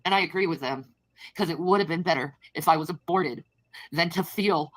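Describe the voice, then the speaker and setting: Woman livestreamer, deep-pitched, bitter and accusatory rant. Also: fairly quick.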